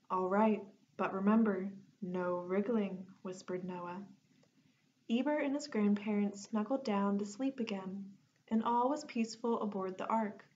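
Woman reading a kids' storybook, real slow and gentle, dull lo-fi sound. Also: mid-range voice. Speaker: storybook reader. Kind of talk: reading a children's picture book aloud. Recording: dull lo-fi recording.

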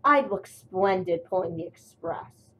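A woman's voice: fairly low pitch, lively intonation, unhurried, husky, lo-fi sound. A woman voicing a grumpy, vain male steam engine in a storybook tale, snippy and haughty. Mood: boastful.

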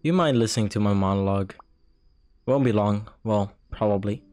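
A young man doing casual game commentary, mocking and swearing often in a deadpan way. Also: on the low side, normal speed, faint music behind. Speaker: gaming youtuber.

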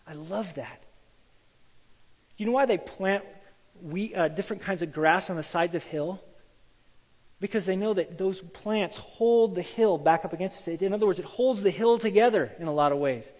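A pastor with a high voice preaches at a normal speed, and the sound carries the feel of a big room. He tells stories animatedly, acting out the voices of the people in them.

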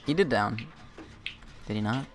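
A man's voice: medium pitch, measured pace, a little hiss or hum. A man hosting a gaming video, chatting casually and joking with friends while calling out plays. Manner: excitable, joking, calls out plays.

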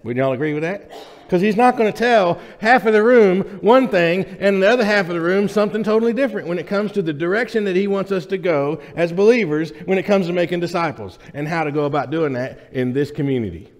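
In a church sanctuary, a pastor preaches to his congregation in a conversational, joking way, frequently checking in with the room. His voice is high-pitched and quick, and the hall is reverberant.

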